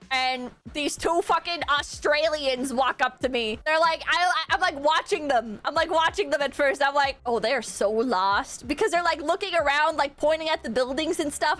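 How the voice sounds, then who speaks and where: A woman's voice: sits high, fairly bright tone. A woman chatting casually on a stream, rambling and self-deprecating, swearing and laughing often.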